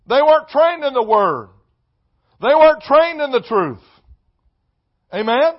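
A man preaching a sermon, repeating key phrases and swinging between quiet asides and shouted emphasis. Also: sits high. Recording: dull lo-fi sound.

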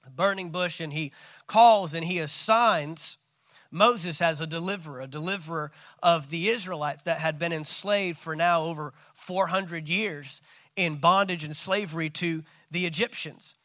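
A man's voice: on the high side, moderate pace, pushed and bright, dry recording. A man preaching a sermon as pastor, calling out to his congregation. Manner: preaching with call-outs.

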